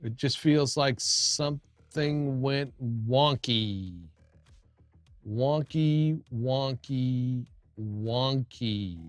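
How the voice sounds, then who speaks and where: Male livestream host, unhurried, rambling casual chat, dry close sound. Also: medium pitch, fairly even intonation, no room sound, soft background music. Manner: rambling, with frequent restarts and chatting to viewers. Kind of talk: casual live-stream chat.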